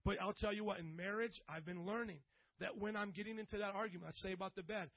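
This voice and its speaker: A middle-aged man preaching a sermon to a congregation, animated and joking, rising now and then to loud bursts. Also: high voice, fast talker, dry recording, muffled recording. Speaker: pastor.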